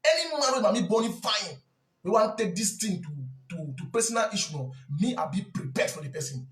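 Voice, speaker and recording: A man's voice: high voice, animated, fairly quick, echoey room. A man from Cameroon with a Cameroonian Pidgin English accent, giving an impassioned spoken confession. He talks intensely and emphatically, repeating lines for force. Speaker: speaker in a live video.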